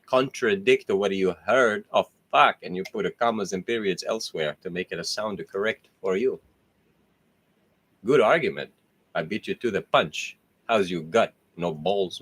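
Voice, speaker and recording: A man's voice: fairly low pitch, fairly bright tone. A man hosting his own show in a casual, rambling monologue, laughing often and swearing freely. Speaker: host.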